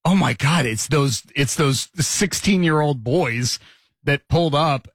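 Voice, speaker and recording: A man's voice: on the high side, measured pace, dry recording. A middle-aged man hosting a morning radio show, telling stories and laughing as he talks. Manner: storytelling, laughing often.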